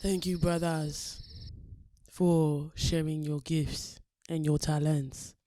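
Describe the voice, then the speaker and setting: A woman's voice: low voice, flat delivery, takes it slowly, dark tone, no echo. A woman hosting a podcast on her own, chatting casually and thinking aloud as she introduces songs. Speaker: podcast host. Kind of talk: casual solo podcast chat.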